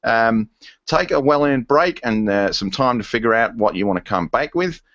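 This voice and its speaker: A man's voice: mid-range voice, animated, normal speed, a bit bright, no room sound, highs cut off. A man co-hosting a podcast, casually reading listener emails with plenty of ums and self-mocking asides. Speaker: podcast co-host.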